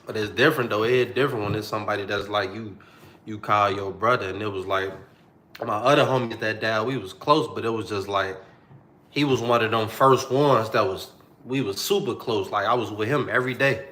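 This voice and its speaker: A man's voice: on the low side, lively intonation, normal speed, sharp tone, roomy sound. A young man telling a personal story to the camera in a slangy, repetitive, heartfelt way.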